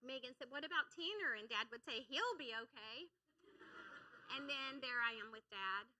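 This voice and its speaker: Bright high-voiced woman preaching. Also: normal speed, low-quality recording. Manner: energetic, coaxing the congregation. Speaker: church speaker. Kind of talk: sermon with audience call-and-response. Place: church sanctuary.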